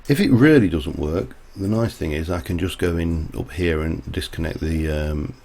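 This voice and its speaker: A man's voice: deep voice, moderate pace, darkish tone. A man chatting casually while he plays, rambling off into side stories as he works. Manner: rambling, chatty, digresses mid-task. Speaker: livestreamer. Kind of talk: casual gameplay commentary.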